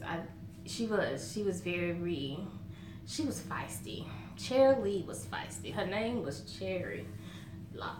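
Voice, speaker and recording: A woman's voice: on the low side, noisy background. A woman with a Southern American accent chatting to camera in a folksy way, laughing often as she tells stories. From Southern United States. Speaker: vlogger. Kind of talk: casual chat to camera. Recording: roomy echo.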